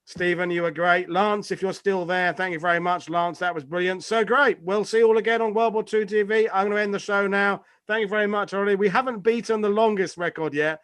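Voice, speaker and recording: Man, host type, high voice, rambling jokey chat, dead-dry webcam audio. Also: fairly even intonation, fast talker, few pauses, fairly bright tone, clear, resonant tone, no room sound. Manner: rambling, jokey, swears casually. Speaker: host of a live history chat show. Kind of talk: casual panel chat on a live stream.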